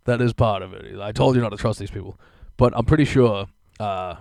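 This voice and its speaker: A man's voice: on the low side, brisk, gravelly, darkish tone, no echo. A young man hosting a casual solo podcast, rambling and swearing often, breaking into laughter as he talks. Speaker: podcast host.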